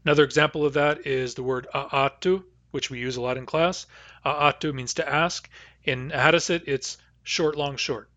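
Man, language teacher, careful slow repetition, dry close sound. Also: mid-range voice, steady tone, fairly bright tone, dry recording, highs cut off. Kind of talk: vocabulary pronunciation lesson.

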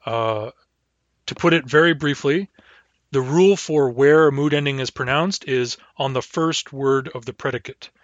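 A man teaching a language lesson, saying each word slowly and then repeating it. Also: medium pitch, no room sound, muffled recording. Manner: slow, deliberate, repeats each word twice.

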